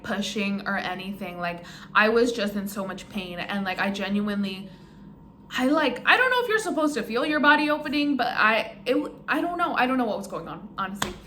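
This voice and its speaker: With a sharp, medium-pitched voice and lively intonation, a young vlogger recounts her birth story at a moderate pace. Her casual telling rambles and is full of fillers like "um" and "like." Slight background noise and a roomy echo come through.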